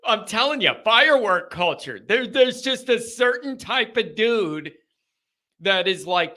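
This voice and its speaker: A man from the United States hosting a live call-in show, talking loudly in a joking, rambling way while nursing a sore bitten lip. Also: high voice, lively intonation, unhurried. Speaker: show host. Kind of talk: casual live call-in rant.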